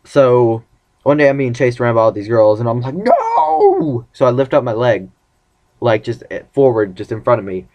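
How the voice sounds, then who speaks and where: A man's voice: mid-range voice, brisk, darkish tone, muffled recording. A young man casually telling rambling, self-mocking stories about his dating life in a vlog. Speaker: vlogger.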